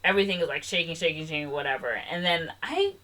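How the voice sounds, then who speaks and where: A woman's voice: low-pitched, animated, fast, bright, forceful tone. A young woman co-hosting a podcast, retelling a film in casual, rambling chat with lots of "like" and "um". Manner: chatty, rambling retelling full of "like" and "um". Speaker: podcast co-host.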